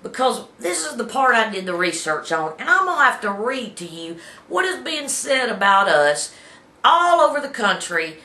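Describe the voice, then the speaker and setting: A middle-aged Southern woman from Alabama hosts her own talk show, folksy and opinionated, her voice bright and sharp. Her pitch swings widely as she talks, with plenty of fillers and restarts. She is recorded in an echoey office room. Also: big pitch swings, normal speed. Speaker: host. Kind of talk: casual talk show monologue.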